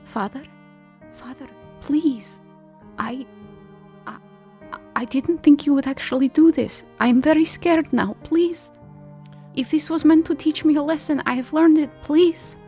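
A scared young woman pleads in a high, earnest voice, as a woman plays her in a tabletop game. Light music sits underneath. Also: measured pace, dark tone. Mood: pleading.

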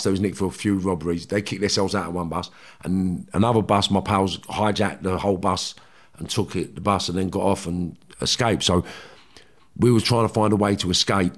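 Blunt, low-voiced man. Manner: blunt, heavy swearing, slangy, animated retelling. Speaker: guest telling his life story. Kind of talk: casual storytelling.

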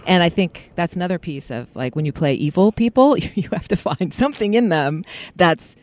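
Animated voice actor telling stories. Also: mid-range voice, moderate pace. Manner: animated storytelling, many fillers and restarts. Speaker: voice actor guest. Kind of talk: casual interview chat. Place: recording in a parking lot.

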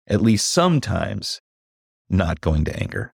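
Man, executive coach, podcast guest, very low voice, candid, reflective, measured emphasis. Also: gravelly, no room sound, studio quality. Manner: reflective, candid, slows to stress points and gets animated when recounting. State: briefly emotional. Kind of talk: podcast interview.

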